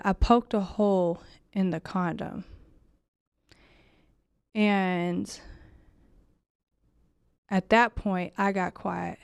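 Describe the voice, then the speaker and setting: A woman's voice: medium pitch, clean tone, no echo, studio quality. A young adult woman candidly telling a heartfelt personal story, full of "like" fillers.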